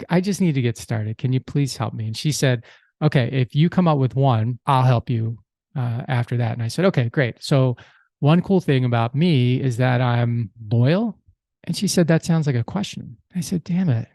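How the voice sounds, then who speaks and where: A man's voice: mid-range voice, darkish tone, no echo. A middle-aged man hosting a podcast, telling a personal story in a casual, easygoing way with restarts and fillers. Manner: easygoing, with restarts and "you know". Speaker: podcast host.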